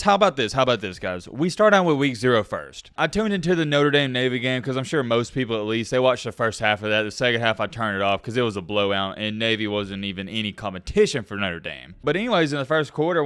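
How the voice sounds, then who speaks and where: A young man hosting a sports opinion vlog, talking in an animated, sarcastic, rambling way. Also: fairly high pitch, quick pace, few pauses, clear, resonant tone, no room sound. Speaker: college football YouTuber.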